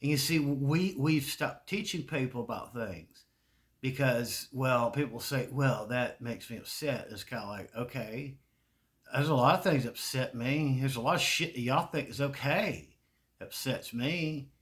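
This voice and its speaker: A man with a Southern US accent rambles through a casual monologue, swearing freely and breaking into laughter. His voice is bright and forceful, sitting at an ordinary pitch for a man. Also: measured pace. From American South. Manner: rambling, profane, laughs often. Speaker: video creator.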